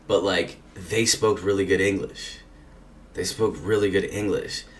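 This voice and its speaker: A man's voice: sits low, steady tone, unhurried. A man casually telling a long personal story, rambling and swearing, with lots of filler "like"s. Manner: rambling, profane, many filler "like"s. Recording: distant mic with faint background noise.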